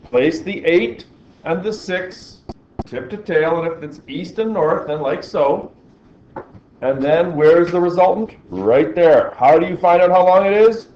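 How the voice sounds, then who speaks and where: Guy teacher talking a class through problems, kinda high voice, muffled lo-fi sound. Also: lively intonation, a little slow, slight background noise. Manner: chatty, asks the class questions as he works. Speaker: physics teacher.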